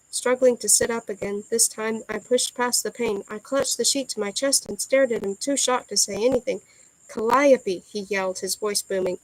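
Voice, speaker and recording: A woman's voice: on the high side, no room sound, poor audio. Woman reading a novel aloud. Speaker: audiobook reader. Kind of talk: first-person novel reading.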